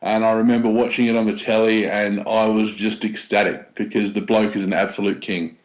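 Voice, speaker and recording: An Australian man appears as a guest on a podcast for relaxed sports talk. He's enthusiastic but halting, pausing often on fillers, and his fairly low voice comes across flat over poor audio.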